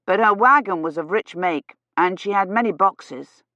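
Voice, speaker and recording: A woman reading aloud, voicing a young knight who speaks slowly and stresses every word. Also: medium pitch, sharp tone, dry recording, close to an everyday voice. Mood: puzzled. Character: earnest young knight, slow and over-distinct. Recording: slightly dull, dry audio.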